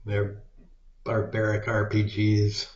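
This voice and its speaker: A man's voice: fairly low pitch, monotone, slow. A man ranting casually with plenty of profanity, rambling and muttering as he goes. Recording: echoey room, dull lo-fi sound.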